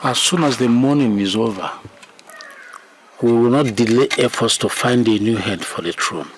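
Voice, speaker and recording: A man's voice: medium pitch, moderate pace, a little hiss or hum, lightly acted, poor audio. A man playing a grave Nigerian village chief. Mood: solemn.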